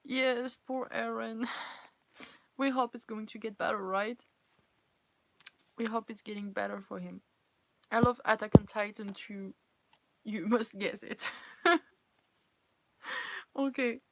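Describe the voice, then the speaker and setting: A woman's voice: fairly high pitch, fairly even intonation, creaky, no room sound, low-quality recording. French-accented woman reading fan fiction aloud. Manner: reads aloud, pauses to chat and laugh at her stumbles. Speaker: live-stream fan-fiction reader.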